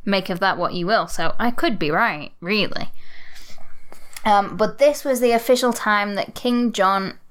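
A chatty woman co-hosts a relaxed podcast conversation. Her voice is smooth and clear at a middle pitch. She talks freely, with frequent laughs and quick asides. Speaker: podcast co-host. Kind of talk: casual chat.

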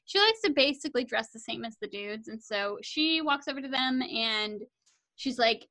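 A woman's voice: lively intonation, normal speed, sharp tone, poor audio. A young woman from California, co-hosting a podcast and chatting casually as she recaps a movie, bubbly and acting out the characters' lines. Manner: bubbly, acts out characters' lines with big jumps up in pitch. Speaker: podcast co-host.

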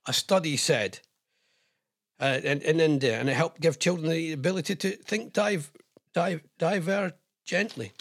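A husky, slightly high-voiced man hosts a radio show. He reads out news items and keeps wandering off into jokey asides, chatty and unhurried. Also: fairly bright tone. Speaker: radio presenter. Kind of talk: casual radio chat reading out news items.

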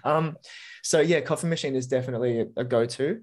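A man's voice: mid-range voice, darkish tone. A young man, a podcast guest chatting casually with lots of enthusiasm and swearing. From Australia. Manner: enthusiastic, swears freely, fast bursts. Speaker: podcast guest, metal musician.

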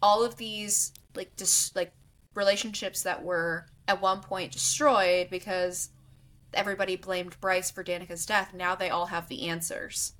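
A woman's voice: on the low side, measured pace. A young adult woman co-hosting a casual book-review podcast, gushing expressively and often saying "like.". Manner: gushing, expressive, heavy use of "like". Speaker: podcast co-host.

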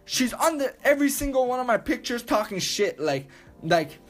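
A man's voice: very high-pitched, big pitch swings, moderate pace, faint music behind. A young man hosting a podcast, talking casually and launching into crude, profane rants. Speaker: podcast host.

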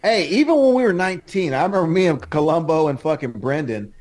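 A man's voice: a little high, animated, fast, a little mellow. A man co-hosting a podcast, telling raunchy stories in loose, profane, boisterous chat. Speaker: podcast co-host. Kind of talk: crude casual chat.

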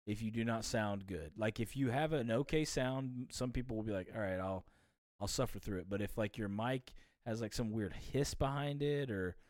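A man's voice: fairly low pitch, moderate pace, a little mellow, no room sound, clean studio sound. A man from the US South with a Southern accent, hosting a casual stream chat in a laid-back, rambling, joking way. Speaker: streamer host.

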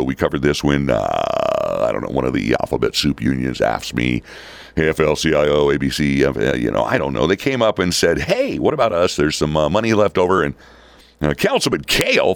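Deep-voiced wry man rambling on air. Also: no echo. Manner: wry, rambling, lots of fillers and asides. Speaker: local radio show host. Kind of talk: casual talk-show commentary.

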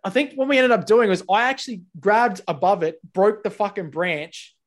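An Australian man talking casually on a podcast. His voice sits a little high, and he tells stories in an animated way, with plenty of swearing. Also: normal speed. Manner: swears a lot, animated storytelling. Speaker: podcast host.

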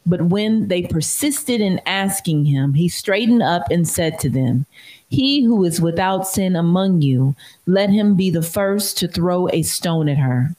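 A person reading scripture aloud in a steady, measured way during a sermon. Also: mid-range voice, rough recording. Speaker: scripture reader.

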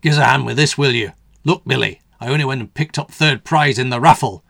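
A man voicing a gruff, blunt middle-aged father who growls and speaks loudly. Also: mid-range voice, a little fast, dry recording, clean studio sound.

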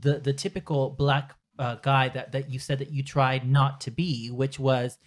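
A man of Latin American origin hosting a podcast, talking casually and quickly, slipping into voices for quotes. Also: mid-range voice. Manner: fast, animated, puts on quoted voices. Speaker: podcast host. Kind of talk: casual chat.

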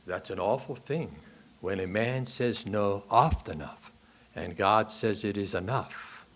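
A man preaching a sermon to a congregation in a church. He swings from hushed, low lines to loud, high bursts on key points and asks the listeners questions. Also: unhurried, breathy edge. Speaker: pastor. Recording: archival sermon recording.

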